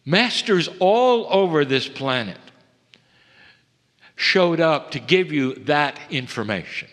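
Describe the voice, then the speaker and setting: A man delivering a channeled spiritual message to a seminar audience, measured and intimate, often sinking to hushed tones. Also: a little high, animated. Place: seminar hall. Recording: long hall reverb.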